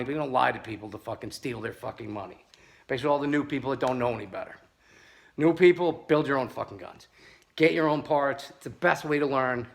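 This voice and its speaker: A pepperball gun seller and reviewer, his voice gravelly and medium in pitch, fires test shots while raging about a competing seller. The rant is angry and sarcastic, packed with swearing.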